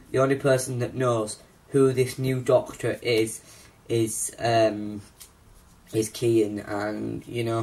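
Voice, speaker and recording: A man's voice: lowish voice, darkish tone, a little hiss or hum. A young man hosting a homemade comedy talk show, hesitant and full of ums. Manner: hesitant, lots of ums and restarts. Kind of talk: amateur comedy chat.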